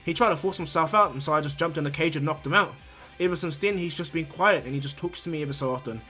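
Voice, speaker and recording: A man's voice: a little high, fast, sharp tone, soft background music. A man doing a breezy, overpowered ninja boy. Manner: breezy, offhand boasting. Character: cocky, overpowered teenage ninja boy, upbeat.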